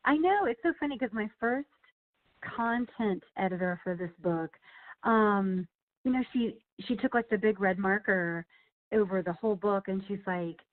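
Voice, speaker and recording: A woman on a guest call tells stories in a loose, chatty way, her talk full of "you know" and "like". Her voice sits at a middle pitch for a woman. It reaches us through a narrow, tinny phone line. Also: animated, moderate pace. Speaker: author guest. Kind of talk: casual interview chat.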